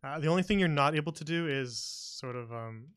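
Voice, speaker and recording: A man narrating as game master of a tabletop game, halting often with fillers. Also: on the high side, fairly bright tone, clear, resonant tone.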